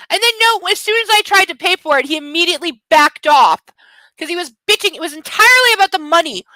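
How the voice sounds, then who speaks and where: Chatty woman livestreaming from home; high, bright, rambling delivery. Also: sing-song, fast, no room sound. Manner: chatty, rambling, doting asides to her dog. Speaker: streamer reading aloud to chat. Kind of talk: casual livestream chat.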